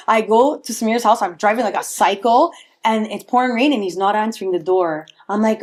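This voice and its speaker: A woman in her thirties, a podcast guest, telling a story in a lively, swearing, casual way and acting out what others said. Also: a little high, fast talker. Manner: animated, swears freely, acts out quotes.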